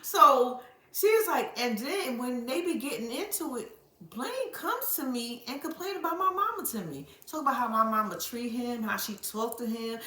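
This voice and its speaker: A woman's voice: a little high, normal speed, reverberant. A woman recapping a reality show in casual, profane, dramatic commentary, addressing her viewers directly. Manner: animated, profane, dramatic storyteller who laughs often and addresses viewers as "y'all".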